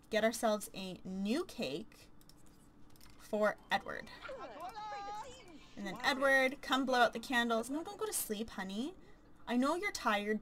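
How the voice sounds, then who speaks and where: A woman chats her way through a life-simulation game, gushing excitedly at each moment. Her voice sits fairly high, with a faint noise under the recording. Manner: chatty and excitable, gushing aloud. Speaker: let's play commentator. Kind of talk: casual gameplay commentary.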